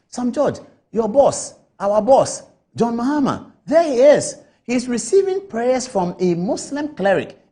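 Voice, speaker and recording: A woman's voice: medium pitch, mellow. A woman giving heated political commentary on a TV panel, firing off rhetorical questions and scolding with repetition. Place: TV studio.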